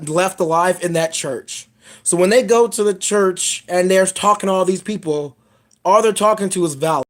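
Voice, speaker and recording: Blunt, swearing woman movie reviewer. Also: fairly low pitch. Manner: blunt, profane, rambling storytelling. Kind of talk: casual spoiler review monologue.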